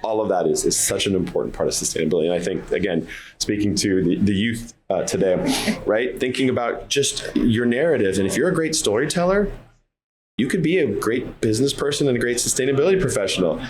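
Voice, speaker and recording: A man from the United States, a guest in a casual interview, speaking thoughtfully and haltingly. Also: lowish voice, animated, slight background noise. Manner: thoughtful, halting, many fillers and restarts.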